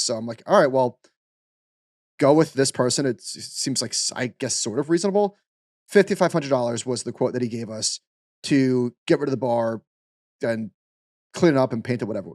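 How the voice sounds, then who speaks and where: A man co-hosting a podcast, telling animated stories in casual chat with lots of fillers. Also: medium pitch, brisk, no room sound, studio quality. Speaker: podcast co-host.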